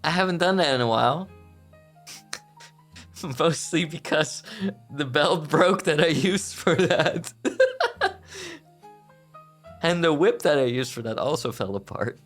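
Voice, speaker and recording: A man's voice: a little high, animated, measured pace, pauses often, a bit bright, faint music behind. A man streaming live as a VTuber, chatting casually and playfully, often giggling and bursting into theatrical outbursts. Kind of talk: casual livestream chat.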